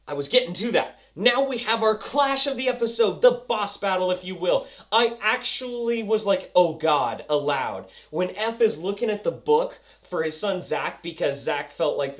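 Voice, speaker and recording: Young male TV reviewer, casual and excitable, acts out the action with sound effects. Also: fairly high pitch. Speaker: TV episode reviewer.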